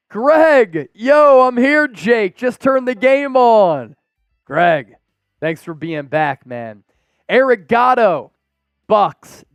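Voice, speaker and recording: A young man with a high-pitched voice hosts a live sports stream, calling the plays and reading chat shout-outs in energetic, excitable bursts. There is no room sound.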